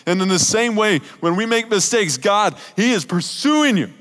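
A man's voice: expressive, normal speed. Young male pastor preaching in a reverberant hall. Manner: conversational, emphatic preaching, drops soft and low near the end. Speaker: youth pastor. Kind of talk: sermon.

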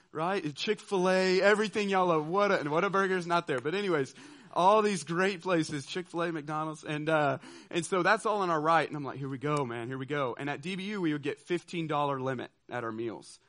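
A man telling a personal story to an audience, animated and laughing, often checking in with listeners. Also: on the high side, a little fast. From southeastern United States. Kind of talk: storytelling talk.

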